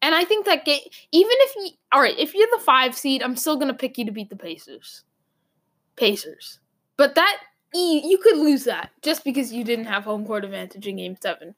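A woman's voice: sits high, lively intonation, moderate pace, a bit bright. A young woman from Boston with a Boston accent, hosting a rambling, opinionated sports talk monologue full of "like" fillers. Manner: rambling, emphatic, lots of "like" fillers.

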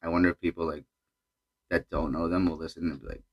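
A man's voice: deep voice, steady tone, fast, dull audio. A young man with a Boston accent in casual podcast chat, laid-back, laughing often and swearing freely. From Boston area.

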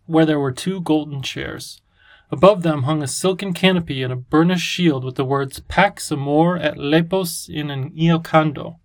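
A man narrating a children's storybook in a calm, even manner. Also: fairly high pitch. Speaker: audiobook narrator. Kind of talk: scripted narration.

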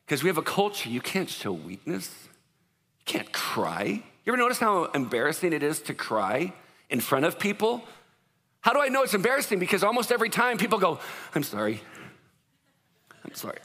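A man preaching a sermon as pastor, in an animated, conversational way, acting out what people say. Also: fairly high pitch, in a large hall.

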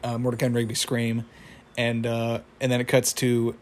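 A man's voice: medium pitch, monotone, normal speed, a little mellow. A young man casually recapping a cartoon episode, rambling with lots of fillers and chuckling at the story. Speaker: show recapper.

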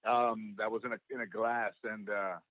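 A man with a gravelly voice, a comedian being interviewed, telling stories and acting out what people said. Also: on the low side, little pitch movement, moderate pace, no room sound, muffled recording. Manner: storytelling, acts out quoted voices. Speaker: guest, comedian and actor. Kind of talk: casual interview talk.

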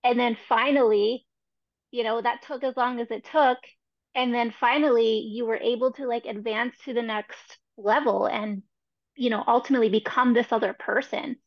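A woman hosting a podcast, reflecting in a relaxed, encouraging way with many fillers. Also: a little high, normal speed, no echo. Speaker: podcast host. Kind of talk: casual interview chat. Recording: dry, dull lo-fi sound.

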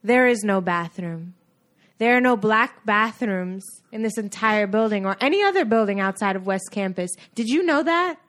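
A woman's voice: mid-range voice, expressive, normal speed, fairly bright tone, lightly acted. A woman doing a comic impression of an indignant 1960s Black woman office worker, delivering a defiant speech. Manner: defiant, building to an outburst. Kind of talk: comic film-scene impression.

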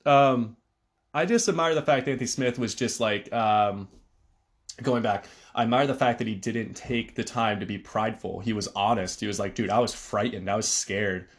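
A man's voice: mid-range voice, normal speed. A man hosting a solo podcast, talking casually in a rambling way with frequent fillers and restarts. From Connecticut, USA. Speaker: podcast host.

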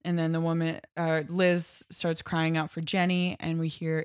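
A woman co-hosting a podcast, chatting casually and retelling scenes in a relaxed way. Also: low voice, moderate pace, smooth, dry recording, clean studio sound. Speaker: podcast co-host. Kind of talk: casual chat about a comic book.

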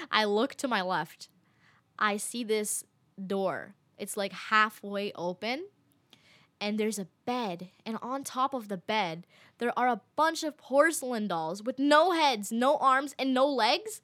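Chatty young woman with a bright voice. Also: mid-range voice, measured pace. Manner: chatty, filler-heavy, animated quoting. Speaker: storyteller. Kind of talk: casual storytelling.

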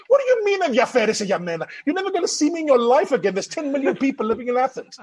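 A man telling animated anecdotes in casual chat. He is expressive, swears freely and slips into voices. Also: extremely high pitch, racing, hardly any pauses, a little hiss or hum. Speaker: guest storyteller.

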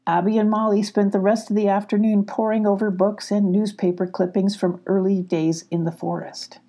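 An older woman reading a children's storybook aloud as a grandmotherly storyteller, gently. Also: medium pitch, level tone, moderate pace. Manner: gentle, doing character voices.

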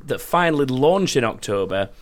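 A man's voice: medium pitch, big pitch swings, normal speed. A man hosting a quiz podcast, reading out questions and scores and often breaking into laughter. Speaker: quizmaster.

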